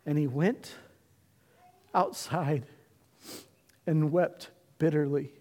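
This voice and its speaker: Man preaching, high voice, echoey hall. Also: fairly even intonation, drawn-out words, darkish tone. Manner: dramatic storytelling, acting out the characters' voices. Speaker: pastor. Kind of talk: sermon. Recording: long hall reverb.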